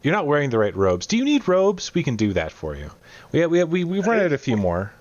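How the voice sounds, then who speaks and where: A man's voice: a little high, huge pitch swings, brisk, dry recording, pitched above the performer's own voice. A jittery, fearful woman cook who pleads for food and fusses over every trade, as a man puts her on in a lifted voice. Her talk is fluttery and eager, heard through a dull, lo-fi voice chat.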